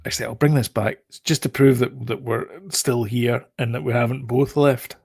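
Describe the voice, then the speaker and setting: A man's voice: medium pitch, fairly even intonation, moderate pace, vocal fry, a little mellow, husky, no room sound, studio quality. A man co-hosting a podcast, rambling and joking about films and TV. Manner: rambling, jokey, riffs on film trivia. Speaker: podcast co-host. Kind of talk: casual chat.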